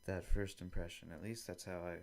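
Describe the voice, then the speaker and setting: A man's voice: deep voice, steady tone, brisk, vocal fry. A young man hosting a solo podcast, rambling casually and acting out both sides of made-up conversations, with some swearing. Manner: rambling, acts out both sides of imagined dialogues; casual and profane. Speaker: podcast host.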